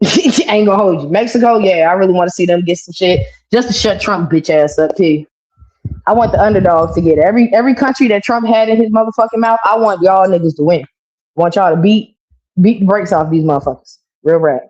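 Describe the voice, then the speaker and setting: A woman's voice: medium pitch, fast talker, darkish tone. A woman co-hosting a podcast, ranting in casual, profane slang. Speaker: podcast co-host. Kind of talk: casual political chat. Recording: dull lo-fi stream audio.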